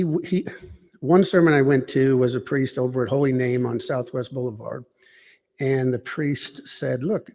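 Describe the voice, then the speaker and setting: A man giving a rambling personal faith testimony, halting with many restarts and asides. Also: medium pitch, darkish tone, big-room sound. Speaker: lay speaker giving personal witness.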